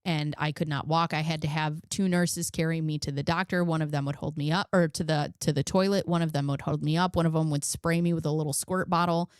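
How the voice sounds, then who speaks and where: Commentary host, woman, 30s; casual storyteller who laughs easily, lower pitch, crisp voice. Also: steady tone, fairly quick, hardly any pauses, no echo, clean studio sound. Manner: chatty and candid, laughs often, reads out case notes.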